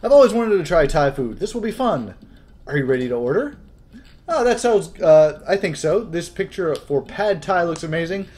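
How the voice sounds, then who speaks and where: A man's voice: a little high, sing-song, moderate pace, a little mellow. Man doing a bubbly young woman on a date. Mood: cheerful. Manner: bubbly, girlish, sing-song delivery.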